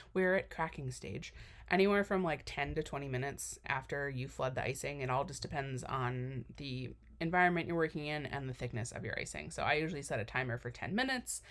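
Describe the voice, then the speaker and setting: A woman's voice: low-pitched, fairly bright tone. A young woman giving a casual, rambling voiceover for a cookie decorating tutorial, full of fillers and self-deprecating asides. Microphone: voiceover mic.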